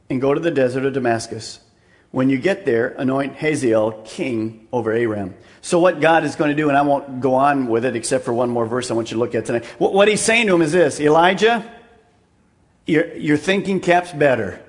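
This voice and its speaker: A man preaching a sermon, swinging from loud, raised emphasis down to a hushed near-whisper and repeating words as he drives points home. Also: fairly high pitch, normal speed. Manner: repeats words and restarts mid-phrase. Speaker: pastor.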